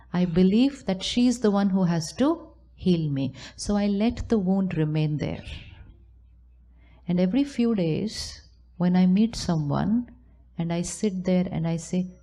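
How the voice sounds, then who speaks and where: A woman's voice: lowish voice, unhurried, dark tone. A woman giving a spiritual talk to a live audience at a retreat center, acting out hurt inner thoughts in quoted asides. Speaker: spiritual teacher.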